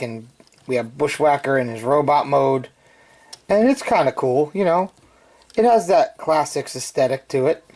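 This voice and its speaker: A man's voice: fairly high pitch, a little mellow. Chatty man reviewing toys. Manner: chatty, joking asides. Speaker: toy reviewer. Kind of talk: casual video review.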